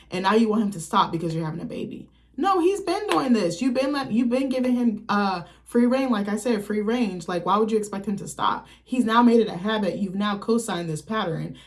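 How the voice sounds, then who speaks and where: A woman talking straight to camera as a vlogger, giving blunt, candid and profane opinions in a loose, chatty way. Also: mid-range voice. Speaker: vlogger, channel host. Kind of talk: casual opinion commentary.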